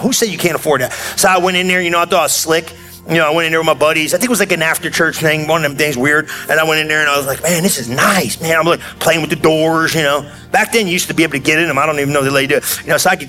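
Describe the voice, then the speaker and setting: A man delivers a sermon like a loose, chatty story, now and then erupting into shouted bursts of excitement. His voice sits a little high.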